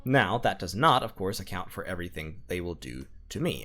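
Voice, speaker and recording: A man talks through his strategy game out loud, working methodically through plans and numbers. His voice sits low but moves with a lively, animated lilt. Soft game music plays faintly under him. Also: normal speed. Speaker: strategy game let's-player. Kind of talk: thinking-aloud gameplay commentary.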